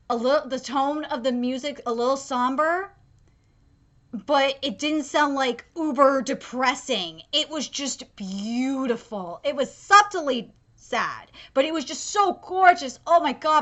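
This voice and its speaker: A woman's voice: high-pitched, expressive, measured pace, a bit bright. A young woman giving an emotional live reaction to an anime episode, gushing and full of fillers and restarts.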